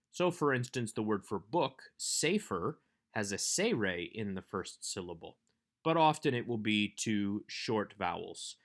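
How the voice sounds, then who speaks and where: A man giving a recorded workbook lesson as a Hebrew instructor, explaining grammar in a measured way. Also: lowish voice, a bit bright.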